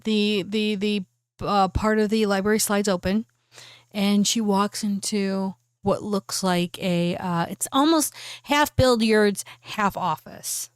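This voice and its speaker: A woman game master narrating scenes in a loose, chatty way, filling pauses with "uh" and restarts. Her voice sits at an ordinary middle pitch. The recording is close and dry. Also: smooth, dry recording. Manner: casual and chatty, with fillers.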